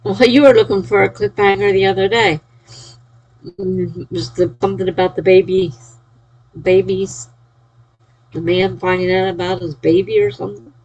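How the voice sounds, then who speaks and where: A woman's voice: medium pitch, fairly even intonation, normal speed, pauses often, a little mellow, muffled recording, a little hiss or hum. A sleepy, yawning woman chatting casually on a live stream, reading out and cheering viewers' chat messages. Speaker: livestreamer.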